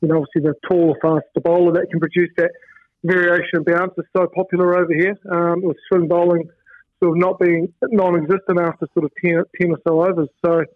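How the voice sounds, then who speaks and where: A man from New Zealand, a former fast bowler and coach, chatting casually with lots of fillers over the phone. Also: high voice, no room sound. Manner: relaxed, rambling with many fillers. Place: home in Queensland, by phone. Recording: tinny phone line.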